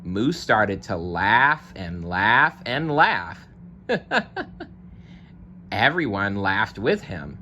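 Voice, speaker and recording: A man reading a children's picture book aloud, narrating slowly and expressively. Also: fairly low pitch, dull audio, a little hiss or hum. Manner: slow, expressive. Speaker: story reader. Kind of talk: read-aloud storybook narration.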